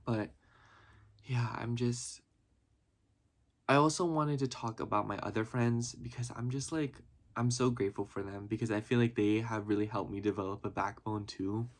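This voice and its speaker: In a reflective, casual vlog, a man talks about his life in an earnest, rambling way, peppering his speech with "you know" and "like." His mid-range voice keeps a steady tone at a moderate pace, though he grows emotional and comes close to tears at times.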